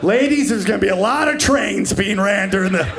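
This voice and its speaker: A man's voice: high voice, a little fast, vocal fry, noisy background. A man in his forties performing a stand-up comedy set, brash and profane, riffing with the crowd. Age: 40s.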